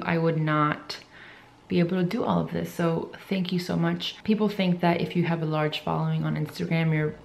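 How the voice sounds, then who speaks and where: A woman's voice: fairly low pitch, vocal fry, a little mellow, slight background noise. A young woman vlogging casually to camera about her fitness competition, chatty and emotional.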